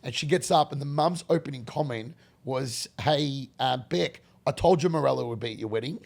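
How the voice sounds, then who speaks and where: Gravelly Australian man telling stories. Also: mid-range voice, moderate pace. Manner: animated, rambling anecdotes with many restarts. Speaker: guest. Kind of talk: casual storytelling interview.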